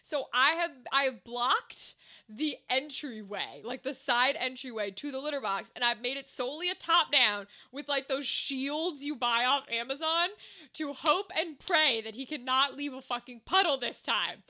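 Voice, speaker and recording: A woman's voice: sits high, expressive, normal speed, pushed and bright. A young woman streamer chatting casually with her viewers, rambling and swearing freely. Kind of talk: casual live-stream chat while gaming.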